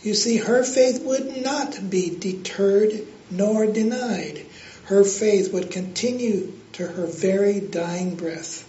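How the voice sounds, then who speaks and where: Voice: medium pitch, slow, mellow, a little hiss or hum. An earnest preacher giving a devotional talk, telling a joke and then exhorting listeners to praise God, in a roomy, dull recording.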